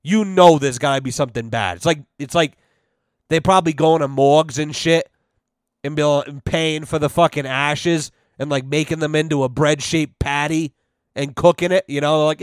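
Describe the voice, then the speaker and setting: A man's voice: fairly high pitch, moderate pace, no room sound, studio quality. A young man hosting a podcast, ranting in a rambling, profane, sarcastic way, filling his talk with "you know". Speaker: podcast host. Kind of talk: casual comedic rant.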